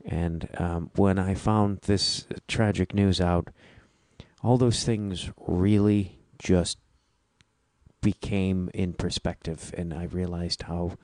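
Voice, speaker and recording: A man with a Chicago accent hosting his own podcast, speaking in a halting, reflective way with frequent restarts. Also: sits low, steady tone, darkish tone, no echo, clean studio sound. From Midwestern United States. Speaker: podcast host. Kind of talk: casual solo podcast intro.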